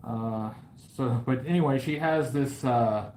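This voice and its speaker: Medium in pitch and darkish in tone, this man speaks a little slowly over slight background noise on a rough recording. He runs a toy review channel and chats casually on a live stream as he draws, making mock-grand, bragging jokes and rambling with plenty of fillers.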